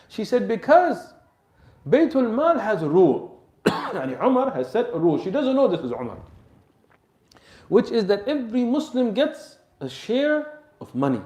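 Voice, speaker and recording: In an echoey mosque hall, a man preaches a sermon by telling a story dramatically, scattering Arabic religious terms through his English. He acts out the characters' voices and drops soft and low at emotional moments.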